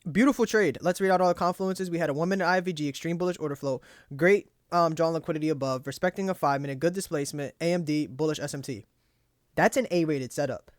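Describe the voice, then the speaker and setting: A man's voice: a little high, fast, no room sound, studio quality. A young man casually reviewing his trades aloud, cursing freely and talking himself through frustration. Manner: profane, frustrated self-talk, pep-talks himself. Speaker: trading journal host.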